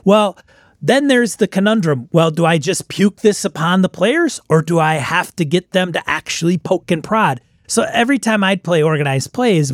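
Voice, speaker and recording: A man's voice: fairly high pitch, dry recording, studio quality. A man who runs tabletop games, talking in a rambling casual way and often breaking off mid-thought. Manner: rambling, self-interrupting. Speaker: game master guest. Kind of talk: casual chat.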